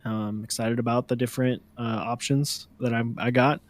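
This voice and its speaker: A man co-hosting an online show, chatting casually with halting enthusiasm. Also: mid-range voice, steady tone. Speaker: podcast co-host. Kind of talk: casual chat.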